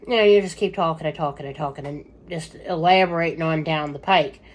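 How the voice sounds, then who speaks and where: A middle-aged woman talking casually to camera in a slightly low voice. She rambles and circles back, with plenty of fillers and side remarks. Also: a little fast. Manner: rambling, chatty, many fillers and asides. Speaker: vlogger giving updates on her husband.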